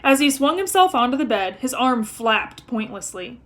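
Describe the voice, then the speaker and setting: Woman, read-aloud storytelling, expressive, somewhat high voice. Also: moderate pace. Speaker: reader. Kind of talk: reading a novel aloud.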